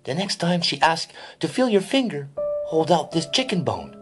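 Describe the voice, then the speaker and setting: A man voicing a clever young girl in a storybook, speaking brightly and urgently. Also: on the high side, very animated, moderate pace, music in the background, voice pushed up.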